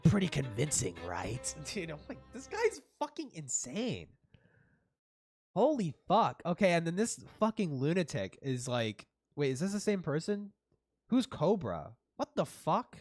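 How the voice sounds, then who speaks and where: Animated, laughing, swearing young streamer. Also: medium pitch, moderate pace, dry recording, faint music behind. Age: young adult. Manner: laughs often, swears a lot, excitable. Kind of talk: casual reaction stream commentary.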